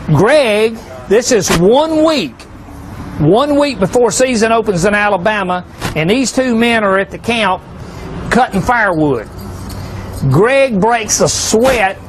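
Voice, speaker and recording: High-voiced man telling hunting tales. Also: lively intonation, slow, a little hiss or hum. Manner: folksy, asks the crowd rhetorical questions, joking. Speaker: hunting seminar speaker. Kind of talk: folksy storytelling talk to a live audience.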